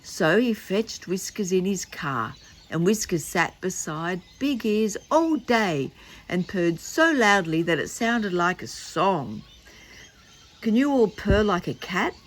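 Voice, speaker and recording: An older woman reading a children's book aloud, gentle and coaxing as she talks to the young listeners, birds outside. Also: mid-range voice, lively intonation, slow. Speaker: storyteller for children.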